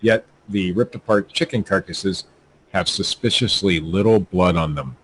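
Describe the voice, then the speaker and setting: A man's voice: low-pitched, normal speed, a little hiss or hum, low-quality recording. A man hosting a podcast, reading news stories aloud with stumbling, joking asides. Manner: stumbling, laughing at his own jokes. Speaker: podcast host.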